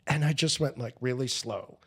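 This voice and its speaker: A middle-aged man, a veteran comedian, giving blunt, animated advice in a casual podcast interview. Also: moderate pace, breathy edge. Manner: animated, blunt, swings pitch up for emphasis.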